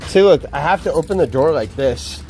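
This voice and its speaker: Young guy streaming outside, swearing and ranting over and over, high voice that swings all over. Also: expressive, a little fast, darkish tone, slight background noise. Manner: profane, exasperated, repetitive ranting. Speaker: live streamer. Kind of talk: casual live stream talk.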